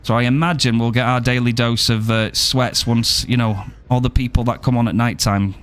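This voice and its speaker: A man's voice: medium pitch, fairly even intonation, normal speed, a bit bright, smooth. A young man streaming a game, joking around and swearing casually as he plays. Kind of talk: live gameplay commentary.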